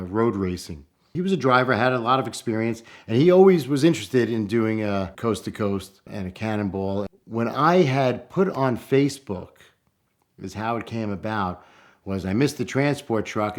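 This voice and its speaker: Middle-aged New Yorker, casual storyteller, slightly low voice, lively when quoting others. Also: male voice. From New York. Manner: animated, acts out quoted voices with rising pitch. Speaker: storyteller guest.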